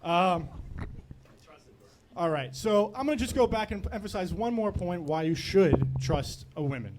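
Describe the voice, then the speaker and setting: A man argues with deadpan mock seriousness in a comic debate. His voice is high, and there is a faint background noise. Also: a little slow. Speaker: comedy debater.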